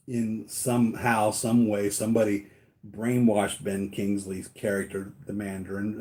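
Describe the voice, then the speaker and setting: A man's voice: on the low side, dark tone. A man talking casually to his viewers, rambling with many fillers and restarts. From United States. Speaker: toy collector vlogger.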